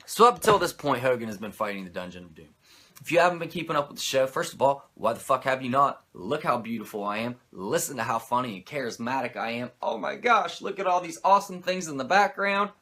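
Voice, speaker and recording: A man's voice: mid-range voice, lively intonation, fast talker, a bit bright. A male host giving a comedic, profane and sarcastic wrestling recap.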